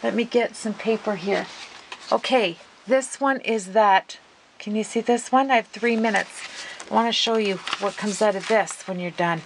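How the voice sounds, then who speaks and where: A woman hosting a casual craft video, gushing and excitable as she talks viewers through her work. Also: mid-range voice, moderate pace, a little hiss or hum, poor audio. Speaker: craft vlogger.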